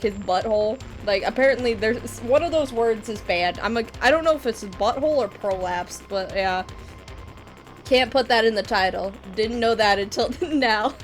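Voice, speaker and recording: A woman streamer chatting casually, rambling with lots of laughter and swearing. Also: a little high. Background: metal music.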